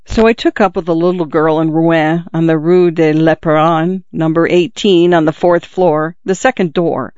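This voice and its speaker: A man's voice: fairly high pitch, steady tone, moderate pace, few pauses, a little mellow, smooth, no echo, highs cut off, lightly acted. A man voicing a wounded, dying middle-aged father who speaks earnestly and urgently to his son while out of breath. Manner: urgent, confiding, pleading. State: in pain, out of breath.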